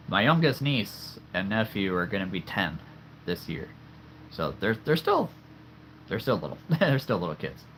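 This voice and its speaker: Slow-talking man in his thirties. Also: fairly low pitch, a bit bright, slight background noise. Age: 30s. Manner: rambling, laughs often, self-deprecating. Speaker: streamer showing his figure collection. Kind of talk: casual livestream chat. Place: home room with toy figures.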